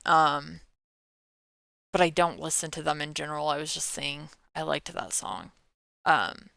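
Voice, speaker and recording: Millennial woman, 30s, tired, rambling vlogger; crisp, clean, close sound. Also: on the low side, fairly bright tone, dry recording. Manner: rambling, chatty, trailing off. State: yawning, tired. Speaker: meme creator. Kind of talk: casual Q&A vlog.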